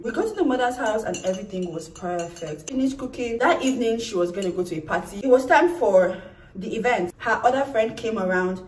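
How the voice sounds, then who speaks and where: Animated young woman telling a story. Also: fairly high pitch, fairly quick, recorded from a distance. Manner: animated, acts out quoted lines. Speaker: vlogger. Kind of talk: storytime vlog. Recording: echoey room, off-mic.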